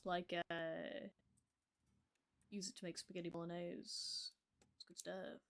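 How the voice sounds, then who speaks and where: A woman's voice: fairly low pitch, little pitch movement, unhurried, long pauses, fairly bright tone. A woman streaming a game, chatting casually and talking to the creatures on screen. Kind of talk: casual gameplay chat.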